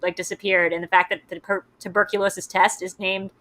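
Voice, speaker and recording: Bright chatty young woman host, rambly, lots of likes and ums. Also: mid-range voice, little pitch movement, a little fast, poor audio. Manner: chatty, rambling with many fillers. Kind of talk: casual chat.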